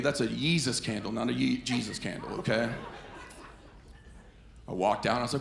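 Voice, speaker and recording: Male stand-up comic with a gravelly voice in an echoey club, telling animated stories. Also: mid-range voice, a little fast, long pauses. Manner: animated storytelling with quoted voices. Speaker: stand-up comedian. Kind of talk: stand-up comedy set. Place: comedy club stage. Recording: echoey club with faint ambience.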